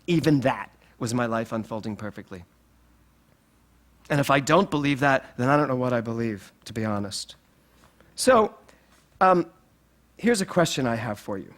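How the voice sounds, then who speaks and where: Animated, playful male minister preaching. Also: mid-range voice. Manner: animated, playful, laughs through his points. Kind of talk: sermon. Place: spiritual center sanctuary.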